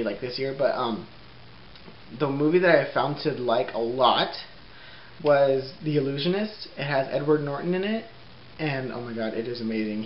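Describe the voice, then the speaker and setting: A young man vlogging at home in a casual, rambling way, laughing often and filling pauses with ums. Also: medium pitch. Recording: roomy, dull lo-fi sound with faint hiss.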